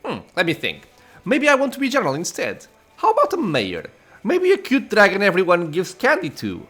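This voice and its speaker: A man's voice: sits high, wildly swooping pitch, brisk, fairly bright tone, pitched above the performer's own voice, exaggerated voice. A man reading the lines of a playful, chatty young female dragon child from a game. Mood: chirpy. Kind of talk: reading game dialogue aloud.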